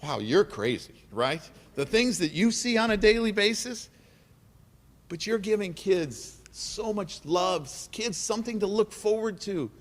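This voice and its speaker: A man's voice: sits high, animated, unhurried. A middle-aged man giving an emotional, earnest keynote speech at an awards dinner, repeating phrases for emphasis. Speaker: keynote speaker. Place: large banquet hall. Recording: reverberant banquet hall.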